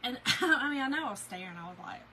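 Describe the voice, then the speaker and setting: A woman's voice: fairly high pitch, expressive, quick pace, pushed and bright, slight background noise, low-quality recording. A woman, chatting and laughing as she tells a story to her viewers while working on a craft project. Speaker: craft video host.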